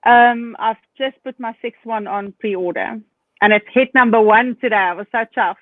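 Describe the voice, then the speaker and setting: A woman's voice: fairly high pitch, moderate pace, no room sound. A woman with a South African accent, a guest author chatting cheerfully over a video call and laughing easily. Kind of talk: casual chat. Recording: dry, tinny call audio.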